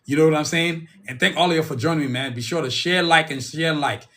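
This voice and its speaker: Male podcast host, bright and fairly high voice, loose rambling solo talk. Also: fast talker. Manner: rambling, repeats himself, calls the audience "y'all".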